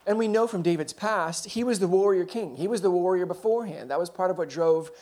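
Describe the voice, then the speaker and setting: A man preaching a sermon, telling the story conversationally with quick asides and self-corrections. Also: sits high, darkish tone.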